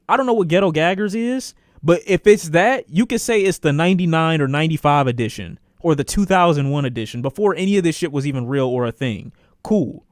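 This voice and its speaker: A man streaming a casual storytime, animated and profane, repeating phrases for emphasis. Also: a little high, dry recording, studio quality.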